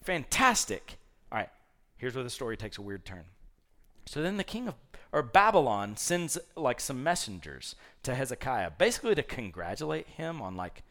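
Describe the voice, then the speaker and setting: A man's voice: medium pitch, very animated, moderate pace, fairly bright tone. Folksy, conversational male preacher. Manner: conversational, storytelling, folksy asides. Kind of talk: sermon.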